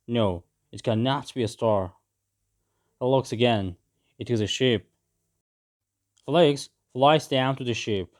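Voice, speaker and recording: A man reading a simple story aloud for English learners, with clear, simple phrasing. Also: mid-range voice, animated, takes it slowly, pauses often. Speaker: story narrator.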